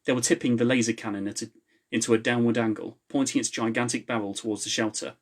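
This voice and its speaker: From home at his laptop, an author reads his own novel aloud to online viewers on a live stream, speaking fast in a mid-pitched voice. Between passages he chats in a relaxed way, using fillers, then returns to steady narration.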